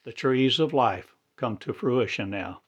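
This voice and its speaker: A man's voice: mid-range voice, animated, a little slow, slightly rough, muffled recording. A man delivering a rambling religious monologue in cryptic, incantatory, broken phrases. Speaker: self-styled religious speaker.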